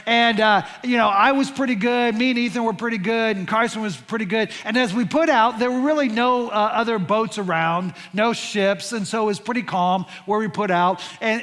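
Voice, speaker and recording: A middle-aged, high-voiced pastor gives a storytelling sermon in a chatty, animated way, stumbling over words, restarting lines and using many fillers. His voice rings through a large church hall with a long reverb.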